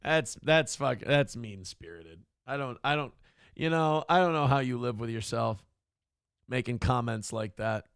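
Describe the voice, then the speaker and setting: A man's voice: mid-range voice, moderate pace, clear, resonant tone, no echo, studio quality. A man in his forties hosting a morning talk show, telling profane, rambling stories in a casual chat style. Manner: profane, animated storytelling.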